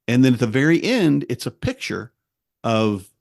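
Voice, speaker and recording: A man in his forties chatting casually on a podcast, telling lively family stories and acting out what people said. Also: medium pitch, moderate pace, vocal fry, dry recording, studio quality. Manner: lively storyteller who acts out quotes. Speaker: podcast co-host and at-home dad.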